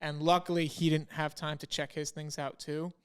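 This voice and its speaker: Young man, podcast co-host, casual storytelling, higher voice, smooth and clear. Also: normal speed. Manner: animated, quotes himself and others in dialogue.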